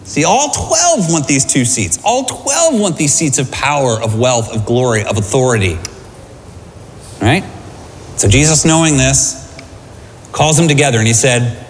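A man preaching a sermon to a congregation, lively and conversational, often asking them questions. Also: medium pitch, normal speed, slight background noise. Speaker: pastor. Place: large church hall. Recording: hall reverb, faint room ambience.

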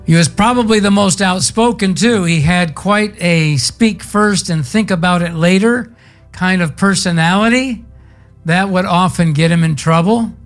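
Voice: medium pitch, a little slow, soft background music. A pastor giving a sermon in a folksy, conversational storytelling way with casual slang.

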